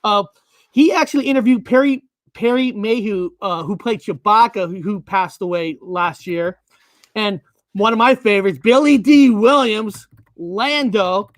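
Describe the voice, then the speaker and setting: Host with a high, dry voice. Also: male voice, dry recording. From United States, Washington state. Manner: halting, lots of uhs and self-corrections. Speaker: podcast host. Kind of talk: casual interview chat.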